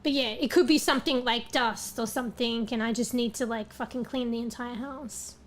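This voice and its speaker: High-voiced female streamer with a tired, fading voice. Loose, rambling, sweary chat to viewers. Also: steady tone, normal speed, slight background noise. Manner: rambling, casual, swears often. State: losing her voice.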